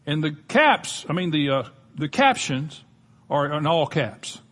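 Older southern man preaching, folksy and joking, kinda husky, a bit high. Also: big pitch swings, measured pace, a bit bright. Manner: folksy, conversational preaching with humor. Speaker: pastor. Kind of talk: sermon.

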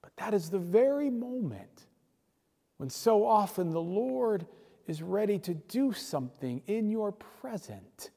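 A man's voice: high-pitched, very animated, a little slow, gravelly, mellow. A male pastor preaching a sermon in a church, telling the story with animation and dropping at times to a near-whisper. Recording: long reverb in a large hall.

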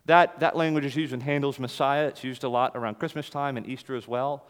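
A man preaching a sermon to a congregation, emphatic, rising louder on key phrases and dropping low after them. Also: steady tone, fairly quick, clean tone, long reverb tail.

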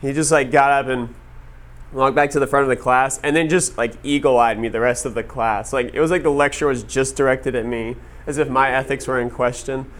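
Animated man telling a story to an audience. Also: mid-range voice, a little fast. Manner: casual, animated, filler-heavy storytelling with "like". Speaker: speaker addressing an audience. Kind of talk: storytelling talk to a live audience.

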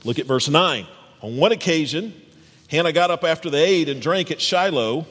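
A man preaching a sermon as pastor. He reads scripture aloud and speaks straight to the congregation in an animated way. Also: fairly high pitch, moderate pace. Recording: long hall reverb.

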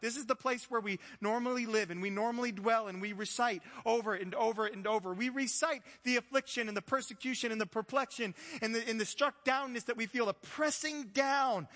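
A man preaching a sermon as pastor in a relaxed, conversational way, mixing in jokes and acted-out quotes. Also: very high-pitched, long reverb tail. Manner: conversational, joking, acts out quoted voices.

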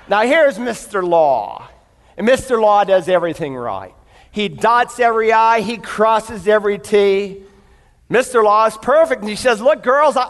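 High-voiced preacher telling a story. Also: male voice, big-room sound. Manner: storytelling, addresses the congregation. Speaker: pastor. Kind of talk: sermon. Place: church before a live congregation.

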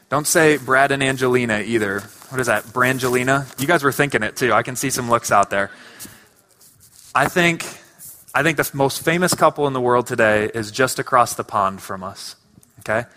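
A man's voice: mid-range voice, pushed and bright. A man preaching a sermon in a church, earnest and conversational with casual asides. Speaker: pastor.

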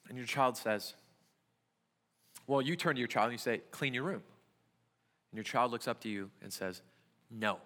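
Speaking from the sanctuary, this young youth pastor delivers a chatty sermon built around rhetorical questions. His voice sits at medium pitch and sounds sharp, echoing with church hall reverb.

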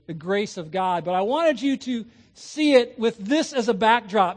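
A man preaching a sermon as pastor, who puts questions to the congregation and slows down to stress key words. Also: very high-pitched.

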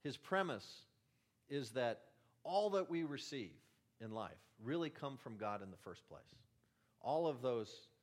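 A middle-aged man delivering a lay sermon as a church elder. He talks in a chatty, self-deprecating way, with light jokes along the way. His voice sits at an ordinary middle pitch. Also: lively intonation, measured pace. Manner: self-deprecating, conversational, warm asides.

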